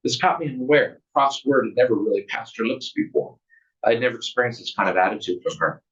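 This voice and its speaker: A man's voice: medium pitch, fast talker. A man, an author, reading aloud from his memoir in an earnest, plain way, with casual asides. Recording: distant, muffled recording.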